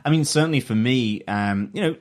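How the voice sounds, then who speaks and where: A man co-hosting a TV review podcast in casual chat, enthusiastic and halting, with frequent fillers. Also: mid-range voice, animated. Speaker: podcast co-host.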